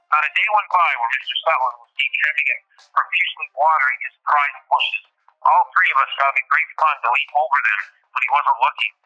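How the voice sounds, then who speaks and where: A man hosting a podcast, reading his own memoir aloud in a steady, formal way. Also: medium pitch, dull audio. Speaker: podcast host.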